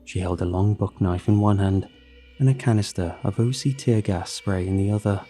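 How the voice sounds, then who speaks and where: A man reading a horror story aloud in a measured, steady narration. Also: lowish voice, soft background music.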